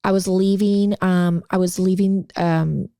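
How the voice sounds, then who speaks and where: A woman's voice: fairly low pitch, measured pace, dry recording. A young woman cohosting a casual podcast, telling a story and acting out the quotes. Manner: animated storyteller who acts out quotes. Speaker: podcast co-host.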